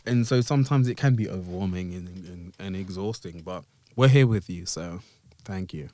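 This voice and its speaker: A man's voice: low voice, normal speed, darkish tone, no room sound. A man co-hosting a casual podcast, earnest and careful, sometimes spelling things out. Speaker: podcast co-host.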